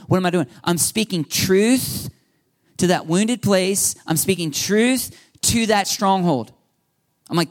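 A man preaching a sermon as pastor, lively and animated, acting out the voices he quotes. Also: sits high, moderate pace.

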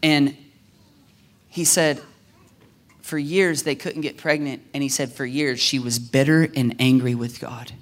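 A man preaching a sermon in an animated way, acting out prayers and quotes, at times dropping to a hushed near-whisper. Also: a little slow, long pauses. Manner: animated, acts out prayers and quotes with swings in pitch and loudness. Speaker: pastor.

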